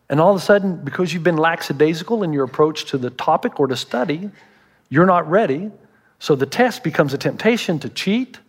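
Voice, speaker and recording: A middle-aged male pastor preaching a sermon, animated and storytelling, acting out voices. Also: on the high side. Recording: reverberant hall.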